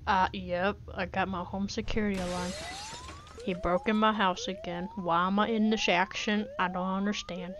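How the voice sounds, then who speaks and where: A woman's voice: medium pitch, steady tone, moderate pace, fairly bright tone, dull audio, slight background noise. A woman casually commenting on a game she plays, chatty and joking, talking to herself as she goes. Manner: chatty, talks to herself while playing, jokey pleading. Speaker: gaming video creator. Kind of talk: casual let's-play commentary.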